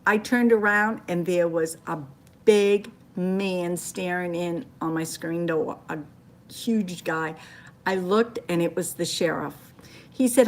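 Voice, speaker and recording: An older woman with a Maine accent chats into her phone on a casual livestream. She reads viewer comments aloud and tells stories in a chatty, rambling way, with a voice of ordinary middle pitch. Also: normal speed, fairly bright tone. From Maine, USA. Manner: chatty storytelling, reacting to comments.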